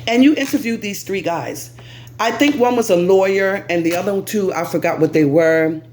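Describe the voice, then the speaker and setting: Animated American woman vlogger. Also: normal speed, a little hiss or hum. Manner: animated, lively, pitch swings, talks straight to viewer. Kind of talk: casual commentary to camera.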